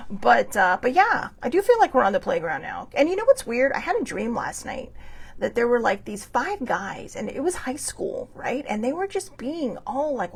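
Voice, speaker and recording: A woman host talks in a loose, rambling monologue, stopping and restarting as she goes. Her voice is gravelly and husky, and her pitch swings widely up and down. She sounds earnest and drops in a casual swear word now and then. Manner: rambling and conversational, with frequent fillers and restarts; earnest, with bursts of laughter and mild swearing.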